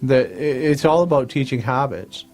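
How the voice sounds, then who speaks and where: A man's voice: medium pitch, animated, moderate pace, a little mellow, soft background music. A man hosting a self-help show, coaxing listeners through affirmations and often checking in with "all right?". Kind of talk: motivational talk to camera.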